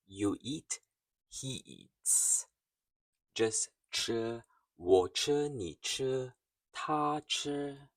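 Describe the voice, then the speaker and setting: A man's voice: mid-range voice, no room sound, distant mic, rough recording. A man teaching a beginner language lesson, speaking carefully and repeating each phrase so learners can follow.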